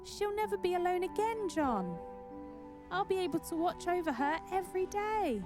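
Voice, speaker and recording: A woman voicing a gentle, wistful woman who dreams of a home, read out softly over game music. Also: extremely high pitch, very animated, moderate pace, pitched above the performer's own voice.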